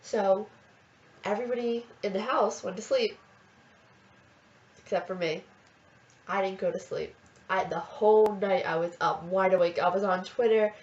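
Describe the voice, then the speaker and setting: Teen girl vlogger, excitable gushing storyteller, mid-pitched, roomy dull home recording. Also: moderate pace, long pauses. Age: teens. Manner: chatty, filler-heavy, gushing. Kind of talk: casual storytelling. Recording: roomy, dull lo-fi webcam audio.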